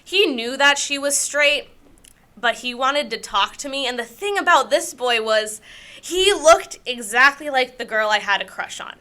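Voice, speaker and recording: A young woman with a bright, high-set voice shares personal stories on a podcast. She rambles, laughs at herself often and keeps it casual. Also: expressive, measured pace. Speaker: podcast co-host. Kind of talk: casual storytelling chat.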